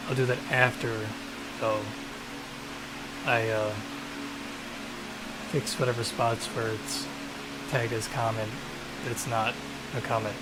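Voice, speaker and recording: Rambling man streaming over loud hiss. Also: mid-range voice. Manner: rambling, offhand, self-mocking. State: has the hiccups. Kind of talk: casual live-stream talk. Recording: loud hiss and air conditioning.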